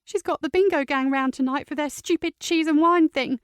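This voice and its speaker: A woman voicing an upset teenage girl, speaking high and quick in an audiobook. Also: no room sound, studio quality, close to an everyday voice. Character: distressed teenage girl, tearful and defiant.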